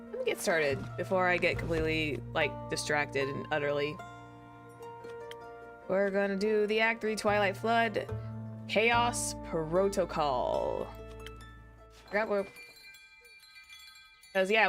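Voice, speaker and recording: A woman's voice: lowish voice, a bit bright. Young woman, gaming streamer, rambling casual chat, desk mic, faint music behind. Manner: rambling, chatty, lots of "like". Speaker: VTuber streamer.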